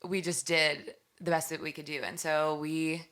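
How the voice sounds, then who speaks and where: A young woman, a musician guest on a podcast interview, telling animated stories and acting out quotes. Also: low-pitched, moderate pace. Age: young adult. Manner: animated storytelling, acts out quotes.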